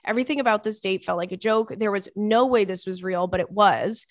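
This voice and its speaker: A woman's voice: medium pitch, fairly quick, dry recording, clean studio sound. Woman dramatically retelling a listener story. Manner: expressive, dramatic storytelling with frequent exasperated asides. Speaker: podcast host. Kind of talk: casual chat, reading a listener's email aloud.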